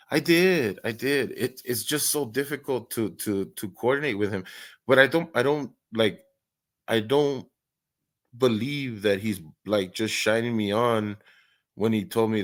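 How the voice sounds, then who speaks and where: Hosting a live stream early in the morning, a man with a fairly low voice keeps the talk casual and laughs a lot. He rambles and stammers, restarting his sentences again and again.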